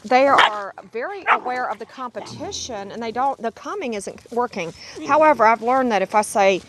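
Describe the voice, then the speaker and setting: A woman's voice: fairly high pitch, expressive, normal speed, a crowd in the background, rough recording. A middle-aged woman, a dog breeder, narrating a casual home video in a chatty, rambling, affectionate way. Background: puppies squealing and playing.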